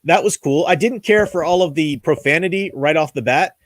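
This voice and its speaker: A man's voice: on the high side, fairly quick, no echo, studio quality. A man hosting his own commentary show, talking casually in an indignant, ranting way with many restarts. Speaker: commentary channel host.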